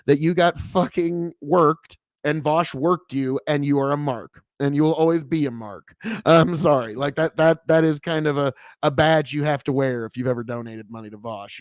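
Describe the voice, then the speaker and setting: A man's voice: on the high side, dry recording, studio quality. A man hosting a casual political commentary stream, sarcastic and swearing, laughing at himself now and then. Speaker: streamer host.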